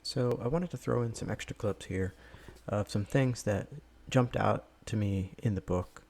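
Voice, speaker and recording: Deep gravelly man narrating a vlog. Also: measured pace, slight background noise. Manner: rambling, relaxed, many filler words. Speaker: vlogger. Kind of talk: casual voice-over narration.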